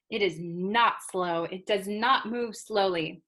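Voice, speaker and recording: A woman's voice: mid-range voice, a bit bright. A woman teaching English vocabulary to learners, carefully modeling and spelling out each word. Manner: slow, deliberate, spells out and models words.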